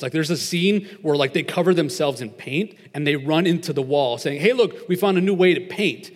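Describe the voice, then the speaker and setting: A young man preaches in a relaxed, chatty way, full of filler words as he tells a story. His voice sits a little on the high side. It rings out with the long echo of a big hall. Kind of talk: casual sermon with storytelling. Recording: long reverb of a large hall.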